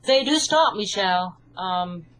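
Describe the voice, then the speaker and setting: A woman with an English accent, an author and hypnotherapist, calmly explaining her ideas in an interview. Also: medium pitch, a little slow, a loud crowd, poor audio. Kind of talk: interview answers.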